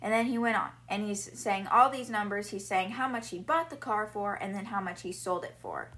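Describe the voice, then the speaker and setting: A woman's voice: mid-range voice, normal speed, a bit bright. A young woman hosting a podcast, retelling book chapters in a chatty, casual way full of "like" fillers. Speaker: podcast host.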